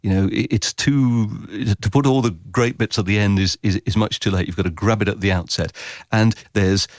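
A man explains his craft in a podcast interview, animated and quick to act out what listeners would think. His voice sits low, recorded close and dry. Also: no echo. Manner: animated, acts out listener reactions in quotes. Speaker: radio consultant and author guest.

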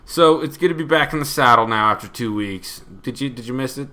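A man's voice: mid-range voice, fairly quick, bright, forceful tone. A young man co-hosting a podcast in casual chat, laid-back, swearing and laughing often. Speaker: podcast co-host.

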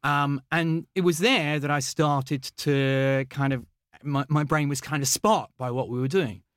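A man's voice: on the high side, measured pace, no echo, studio quality. A man from England, a mathematician guest in an interview, telling stories eagerly with lots of ums, uhs and restarts. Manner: eager, animated storytelling with many fillers and restarts. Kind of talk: conversational interview storytelling.

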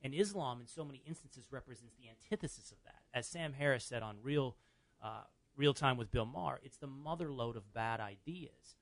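Hosting a talk radio show over a studio microphone, a man with a medium-pitched voice speaks a little fast. He's argumentative, quick to laugh, and frequently starts his sentences over.

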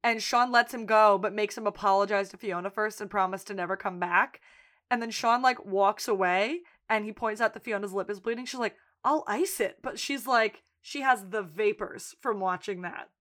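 A woman co-hosting a podcast casually recaps a TV episode, acting out the characters' lines and swearing plenty. Her voice is medium-pitched and a bit bright, at a normal speed.

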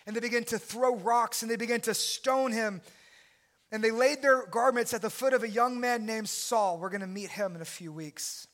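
Bright-voiced impassioned male preacher. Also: very high voice, normal speed. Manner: impassioned preaching, rising to shouts. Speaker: pastor. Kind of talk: sermon.

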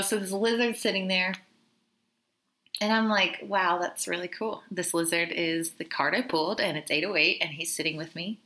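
A woman's voice: on the low side, bright, forceful tone. A woman hosting a podcast, talking candidly and from the heart, swearing casually and laughing often. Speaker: podcast host. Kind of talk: casual reflective podcast monologue.

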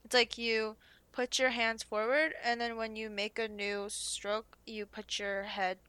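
A woman's voice: on the high side, unhurried, clean tone, no room sound. A young woman co-hosting a podcast, telling stories in casual chat with lots of fillers. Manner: animated storytelling, lots of fillers. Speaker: podcast co-host.

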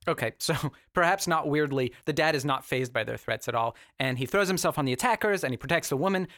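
Wry film reviewer with a gravelly voice. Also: male voice, fairly high pitch, animated, fast, a bit bright, dry recording, clean studio sound. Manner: wry, sarcastic. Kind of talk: comedic video review narration.

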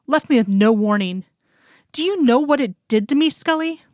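A woman voicing a hurt, bitterly angry grown man who turns soft and tender, read in her own higher voice in a dry room. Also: lively intonation, normal speed, no echo. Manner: accusing, then pleading softly.

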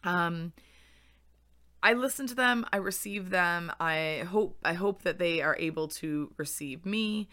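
Bright-voiced woman with a low pitch. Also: a little slow. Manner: candid, reflective, laughs easily. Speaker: podcast host. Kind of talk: solo podcast talk.

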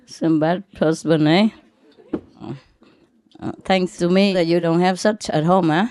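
A woman's voice: fairly low pitch, steady tone, slow, a little mellow, smooth, no room sound. A woman as a spiritual teacher giving an informal, playful talk to her disciples, laughing as she tells jokes.

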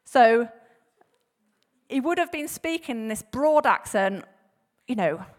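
Chatty woman preaching, slightly high. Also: takes it slowly. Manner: chatty, laughs often, many fillers and restarts; animated, acts out bible quotes with voices. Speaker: church speaker. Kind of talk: casual sermon talk.

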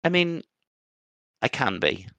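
A man's voice: medium pitch, big pitch swings, takes it slowly, creaky, sharp tone, no room sound. A man co-hosting a casual podcast, talking in a rambling, reflective way with many fillers. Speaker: podcast co-host and competitive player.

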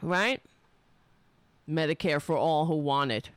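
A woman's voice: low voice, slow, no echo. A middle-aged woman with a nasal voice hosts a casual political talk show alone, sarcastic and profane, muttering to herself between points. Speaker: show host.

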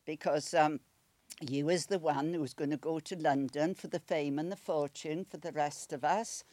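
A woman's voice: sits low, steady tone, moderate pace, a little mellow, dry recording, lightly acted. A Welsh woman in her eighties voicing her scolding village aunties and grandparents, firm and insistent, in a Welsh accent.

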